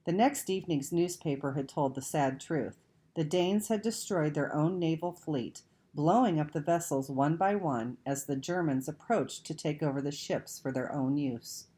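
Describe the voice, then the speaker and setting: A woman reading a children's novel aloud, measured and expressive. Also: low-pitched. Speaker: audiobook reader. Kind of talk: storybook read-aloud narration.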